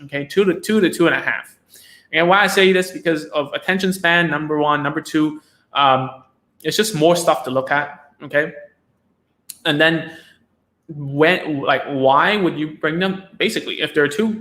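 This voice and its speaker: A man's voice: fairly high pitch, a bit bright. Chatty man giving live-stream parenting advice. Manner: chatty, loose, many restarts and tag questions like "right?" and "okay?". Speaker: speech therapist hosting a live stream.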